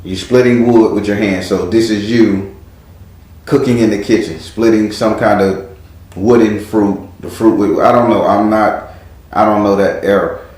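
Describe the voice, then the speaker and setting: Man, tarot reader, lowish voice, blunt profane storyteller, very echoey room. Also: fairly even intonation, unhurried, darkish tone. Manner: blunt, profane, vivid storytelling with sound effects. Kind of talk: casual past-life reading.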